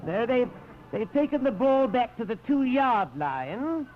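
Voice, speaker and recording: A man's voice: very high-pitched, big pitch swings, takes it slowly, lo-fi sound. A man with a British accent doing a fussy, flustered mock sports broadcast in a 1930s radio comedy sketch, forever correcting himself.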